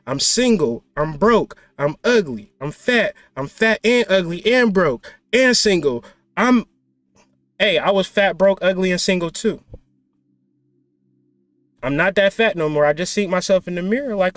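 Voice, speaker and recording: A man with a high voice delivers blunt, profane spiritual advice in a loose, preachy manner with playful asides. The recording is dry and close, with faint music underneath. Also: expressive, takes it slowly, dry recording. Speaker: spiritual teacher. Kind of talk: casual spiritual talk.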